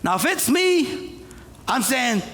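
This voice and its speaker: A man preaching a comedic sermon, retelling a story with jokes and suddenly shouting the characters' lines. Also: extremely high pitch, slow pace, big-room sound, slight background noise. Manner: animated, jokey, acts out characters with shouted quotes. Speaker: pastor. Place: church auditorium.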